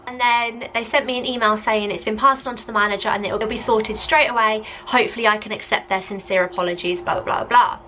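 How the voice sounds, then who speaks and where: A woman's voice: a little high, steady tone, a little fast, few pauses, pushed and bright, a little hiss or hum. A young woman telling a story to camera in a chatty vlog, exasperated and talking with lots of "like". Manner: chatty, exasperated, heavy use of "like". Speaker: vlogger.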